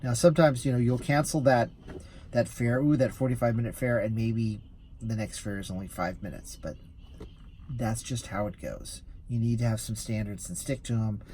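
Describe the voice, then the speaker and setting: Male rideshare driver, chatty and amused, average pitch, loose storytelling. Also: moderate pace, dark tone, slight background noise. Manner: easily amused, rambling with restarts. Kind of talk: casual storytelling vlog.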